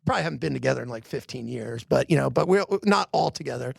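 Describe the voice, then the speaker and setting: Gravelly middle-aged man, chatty storyteller. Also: mid-range voice, lively intonation, fast, dry recording, clean studio sound. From Philadelphia area. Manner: chatty, many "you know" fillers, acts out quoted dialogue. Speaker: arena president and general manager. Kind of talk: casual interview storytelling.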